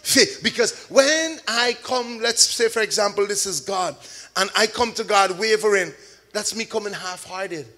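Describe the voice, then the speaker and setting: A man preaching a sermon to a congregation, shouting key words, drawing out call-and-response and mixing in chatty everyday examples. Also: sits high, measured pace. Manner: homely store examples, chatty asides. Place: church service with a congregation.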